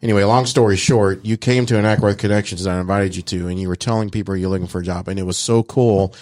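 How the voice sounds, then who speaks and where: Low-voiced male host, hesitant and supportive. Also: fairly even intonation, quick pace, darkish tone. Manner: supportive, hesitant, many "um"s and restarts. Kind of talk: casual interview chat.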